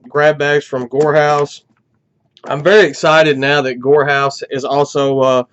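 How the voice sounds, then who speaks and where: A man who hosts a metal music channel chats casually at home through an unboxing, sounding congested and a little out of breath and saying "uh" a lot. His medium-pitched voice has a clean tone, though the recording is muffled.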